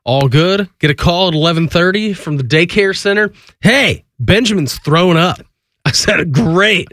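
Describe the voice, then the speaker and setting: A man's voice: high voice, normal speed, no echo. A man in his thirties hosting a sports radio show in a studio, joking and laughing as he talks through a head cold. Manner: joking, animated, laughs often. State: congested from a cold. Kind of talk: casual sports radio banter. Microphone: studio microphone.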